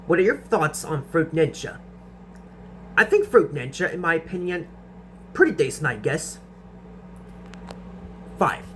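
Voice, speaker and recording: A man's voice: fairly high pitch, a bit bright, slight background noise. Young man stuttering through viewer questions. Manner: stutters and restarts sentences often. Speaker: host answering viewer questions. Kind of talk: casual Q&A vlog.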